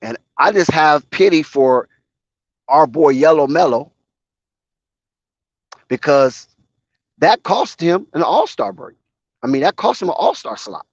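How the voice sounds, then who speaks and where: A man's voice: a little high, expressive, normal speed, long pauses, dry recording. A man giving opinionated, conversational commentary on a live basketball game. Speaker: sports commentator. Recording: dull lo-fi sound.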